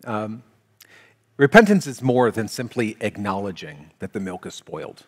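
A man's voice: fairly low pitch, normal speed, husky, big-room sound. A man preaching a sermon as a pastor, earnest and conversational, acting out everyday scenes. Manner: animated, acts out everyday scenes with playful exaggeration.

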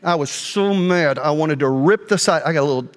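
A middle-aged male pastor telling a personal story in a sermon, animated, jumping between quiet asides and loud outbursts. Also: fairly high pitch, fairly quick. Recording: long hall reverb.

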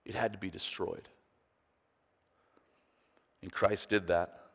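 A man's voice: low-pitched, steady tone, takes it slowly, gravelly, a bit bright, slightly rough, in a large hall. A man preaching a sermon in an earnest, emphatic way, putting pointed questions to his listeners. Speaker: pastor.

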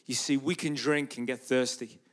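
This storytelling sermon comes from an Irish guest preacher and street evangelist with a mid-range voice at normal pace. He tells his story animatedly in church, performing the dialogue himself.

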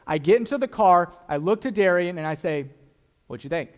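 A man's voice: high voice, lively intonation, fairly quick, clear, resonant tone, in a large hall. A young man preaching a sermon as a pastor, earnest and emphatic, repeating key phrases for effect.

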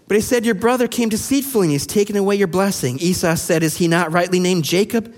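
A man preaching a sermon, reading scripture aloud and explaining it in an animated way, acting out the quoted voices. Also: high-pitched, fast talker, few pauses. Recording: long hall reverb.

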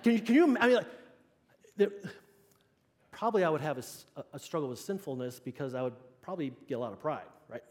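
Male preacher with a fairly high voice, casual conversational sermon, lots of questions to the room, long church reverb. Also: expressive, quick pace, a little mellow. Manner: conversational, checks in with the congregation. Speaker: pastor. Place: church sanctuary.

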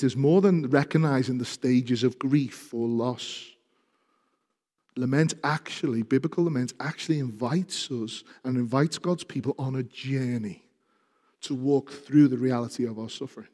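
A man preaching a sermon, speaking with passion and growing loud when he reads scripture aloud. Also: mid-range voice. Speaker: pastor. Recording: reverberant hall.

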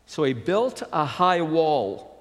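Male pastor, high voice, slow delivery, expressive story reader; echoey church hall. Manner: unhurried, expressive storytelling with wide pitch swings. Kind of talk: sermon with a story read aloud.

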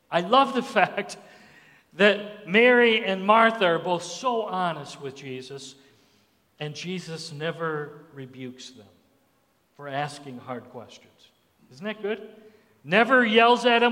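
A male pastor preaching a sermon who acts out Bible voices with sudden jumps in pitch. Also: lively intonation, slow, long pauses, a bit bright. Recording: long hall reverb.

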